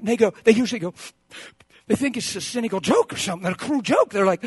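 A man in his fifties preaching a sermon, swinging between shouted exhortation and soft, hushed counsel, acting out the voices of doubters. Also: high-pitched, expressive, fast, husky, no room sound. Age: 50s. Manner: acts out quoted voices of doubters.

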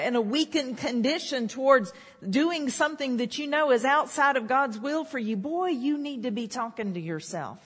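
A woman's voice: on the high side, husky. A woman preaching a sermon, repeating declarations with rising emphasis. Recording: long hall reverb.

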